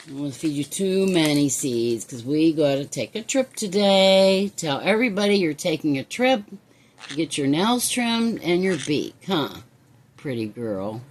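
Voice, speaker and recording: A woman's voice: sits low, slight background noise. A woman at home talking to her pet parrot in affectionate, coaxing baby talk, often chuckling as she speaks. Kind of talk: casual chat to a pet. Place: indoors at home.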